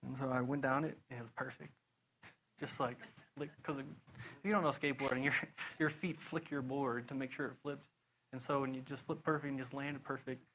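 A young man preaching in a loose, chatty way, piling on "you know" and laughing through his own stories. His voice sits at an ordinary middle pitch. A faint hiss of noise runs under the recording. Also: fairly quick, low-quality recording. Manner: rambling, animated storytelling with frequent "you know" and laughs. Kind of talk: casual sermon testimony.

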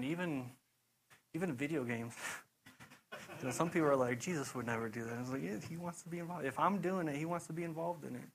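A young man giving a casual sermon testimony, telling rambling, animated stories full of "you know" and quick laughs. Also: fairly high pitch, creaky, a little hiss or hum, low-quality recording. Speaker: preacher.

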